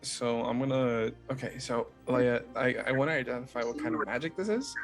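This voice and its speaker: A man's voice: mid-range voice, a little fast. A man plays in a tabletop game, speaking casually and often restarting his sentences. Faint music runs behind him. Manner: rambling, restarting phrases. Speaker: player. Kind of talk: casual tabletop role-play.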